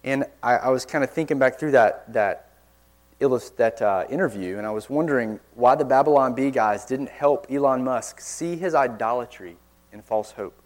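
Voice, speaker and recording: Earnest male preacher with forceful emphasis. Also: mid-range voice, normal speed. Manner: earnest, forceful emphasis with sudden quiet drops. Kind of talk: sermon. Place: church.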